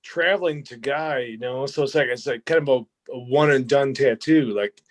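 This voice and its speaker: A man's voice: medium pitch, normal speed. A man, a tattoo artist, bantering and joking with friends in a casual chat.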